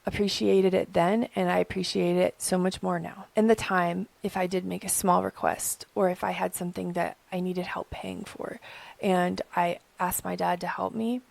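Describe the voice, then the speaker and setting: A young adult woman hosting an advice channel, talking calmly and earnestly from her own experience. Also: fairly low pitch, moderate pace, gravelly, no echo. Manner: gentle, earnest, speaking from personal experience. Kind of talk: calm advice talk to camera.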